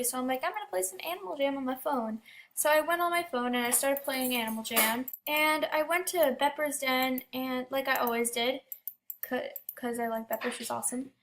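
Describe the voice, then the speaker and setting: A woman's voice: high-pitched, moderate pace, fairly bright tone. A teenage girl casually telling stories about an online game, chatty with many fillers and restarts. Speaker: gaming storyteller. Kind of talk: casual storytelling.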